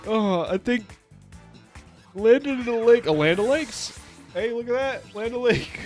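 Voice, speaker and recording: A man's voice: very high-pitched, lively intonation, unhurried, darkish tone, faint music behind. A man streaming a video game, talking casually with rambling jokes and frequent bursts of laughter. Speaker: VTuber streamer. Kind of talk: casual let's-play commentary.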